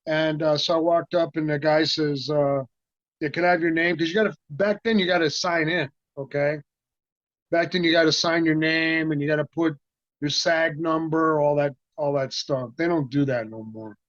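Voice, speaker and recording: A man's voice: fairly high pitch, normal speed, no room sound. A man being interviewed, rambling as he tells stories and acting out the voices of the people in them. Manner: rambling, animated, acts out quoted voices. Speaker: interview guest, martial arts actor. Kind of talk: casual storytelling. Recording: dry, muffled lo-fi sound.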